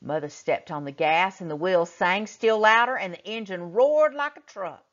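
A woman teacher reading a chapter book aloud to children, expressively, and pausing to ask them questions. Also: on the low side, animated, fairly bright tone. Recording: muffled lo-fi recording.

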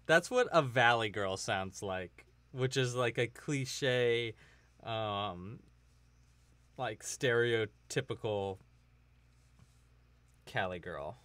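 A man from California hosts a relaxed crafting livestream, chatting and joking with viewers and laughing often. His voice sits in an ordinary middle pitch. It is dry and close, with no room echo. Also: extremely slow, long pauses. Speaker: livestream host. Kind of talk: casual livestream chat while crocheting.

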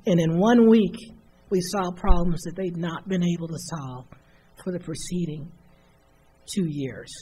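A woman's voice: lowish voice, darkish tone. A woman giving a motivational keynote speech, telling a story that builds to an emphatic refrain. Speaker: keynote speaker. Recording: faint noise, live conference hall.

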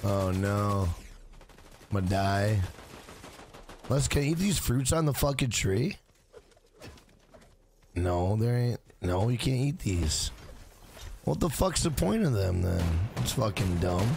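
A man's voice: medium pitch, very animated, a little slow, creaky, long pauses, a little hiss or hum. A man live-streaming a video game, swearing often and greeting viewers in chat by name. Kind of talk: live gaming stream commentary.

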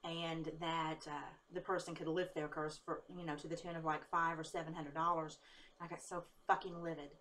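A woman psychic talking casually to her viewers after a long workday. Her voice is tired and a little low. She rambles and speaks candidly, laughs easily, and swears when she gets angry. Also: level tone, normal speed, fairly bright tone, slight background noise. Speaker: psychic vlogger. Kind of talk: casual talk to camera.

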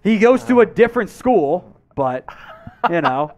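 A man hosting a live-stream sports talk show, chatting with viewers in energetic, animated banter. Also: sits high, unhurried.

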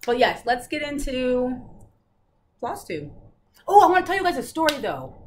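A woman's voice: high-pitched, very animated, moderate pace. A young adult woman hosting a casual flosstube update from her living room, chatty and laughing often as she tells a story. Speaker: flosstube host. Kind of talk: casual chat.

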